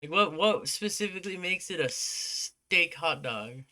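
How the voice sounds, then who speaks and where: A young man streaming a game, chatting casually and quietly in a put-on American accent, rambling and joking with his chat. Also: on the high side, animated, a little slow.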